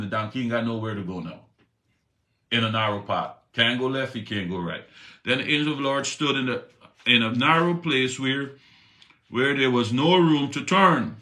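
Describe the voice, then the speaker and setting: A man's voice: fairly high pitch, pushed and bright, reverberant. A man giving a morning devotional talk, retelling a Bible story in a conversational, slangy way and checking in with "right?". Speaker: preacher.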